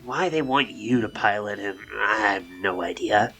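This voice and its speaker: A man's voice: lowish voice, moderate pace, bright, forceful tone, husky. A man voicing a frustrated young woman mecha pilot in a tabletop game, impatient and exasperated.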